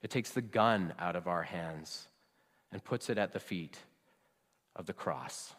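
A man preaching a sermon as pastor, conversational, often trailing off soft and low at the ends of phrases. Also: measured pace, long reverb tail.

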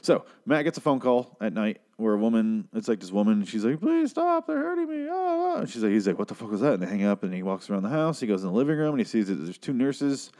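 A man giving a crude, sarcastic recap of a TV episode, tossing in quick asides. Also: fairly low pitch, warm tone. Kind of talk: casual profane TV recap.

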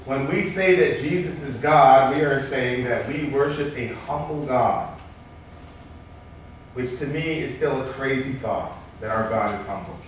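A man preaching a sermon as pastor, lively and joking with the congregation. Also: mid-range voice, a little slow, slight background noise. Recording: echoey hall from far off.

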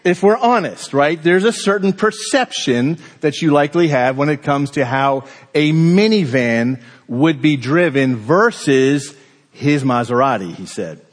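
A man preaching a sermon, telling a personal story in an animated, conversational way. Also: on the high side, unhurried, big-room sound. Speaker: pastor.

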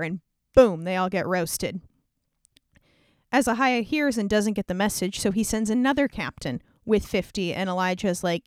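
A woman with a smooth, mid-range voice speaks at a moderate pace on a studio-quality recording with no echo. She retells an old scripture story in a slangy, irreverent, comedic way, sprinkling in "like" throughout.

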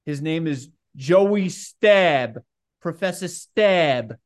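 A young man co-hosting a podcast in casual chat, loose and profane and quick to laugh. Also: fairly high pitch, lively intonation. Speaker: podcast co-host.

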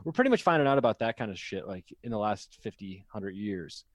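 A man co-hosting a comedy podcast in casual chat, excitable and swearing freely. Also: lowish voice, a little fast, dry recording. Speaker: podcast co-host.

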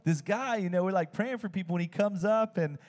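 A man's voice: sits high, brisk, darkish tone, voice pushed up, natural voice. A man voicing a jovial friend who casually tells a miracle story. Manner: laughing, easygoing. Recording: long hall reverb.

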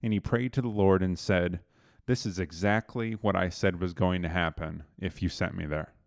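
Deep-voiced man casually retelling a Bible story. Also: fairly even intonation, moderate pace, vocal fry, dry recording, studio quality. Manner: conversational, loose paraphrase with fillers and restarts.

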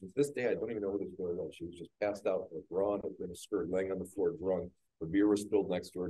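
A man, a guest business owner, frankly telling his own story on a podcast panel at a live event, getting animated when he acts out scenes. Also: low voice, slight background noise, low-quality recording. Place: live industry training event.

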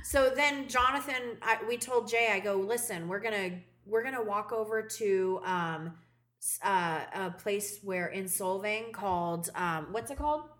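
Her medium-pitched voice is a bit bright and unhurried as she co-hosts a podcast. She spins stories in relaxed conversation and doesn't hold back on swearing.

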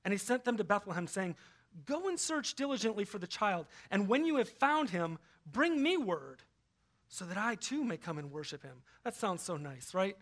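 A male pastor preaching a sermon in an animated style, swinging between loud emphasis and quiet asides. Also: high-pitched, moderate pace.

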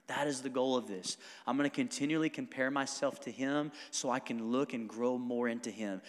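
A pastor delivering a sermon in a casual, animated manner, often breaking into quick laughs between points. His voice sits at an ordinary middle pitch for a man. It carries a long hall reverb from the church sanctuary. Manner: conversational, animated, laughing asides.

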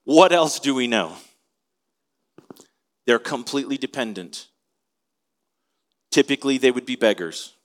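A man's voice: mid-range voice, expressive, unhurried, long pauses. A man preaching an expository sermon in a conversational way, asking his listeners questions as he teaches. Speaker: pastor.

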